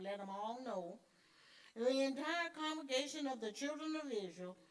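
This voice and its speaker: Emphatic woman teaching Sunday school. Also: a little high. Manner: emphatic, repeats key words; conversational with call-and-response fillers. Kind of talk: church teaching.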